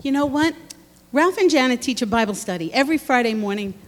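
A woman's voice: high-pitched, animated, fast talker, a little hiss or hum. A woman giving an earnest, encouraging testimony to a church congregation. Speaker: speaker at church. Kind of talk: sermon testimony. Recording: long hall reverb.

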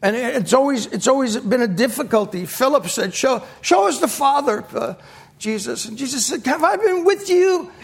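A middle-aged man preaches in a strikingly high voice. He speaks with passion, stumbles into repeated words and throws himself into the quotes he acts out. It is a heartfelt sermon. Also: lively intonation, normal speed, creaky, husky.

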